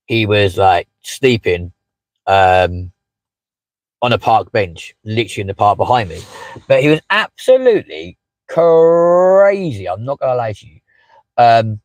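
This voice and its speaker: A man's voice: fairly low pitch, a little mellow, no echo, poor audio. A man hosting a casual live stream from inside a parked car, chatting with many fillers and asides as he reads out viewer comments. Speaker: livestream host.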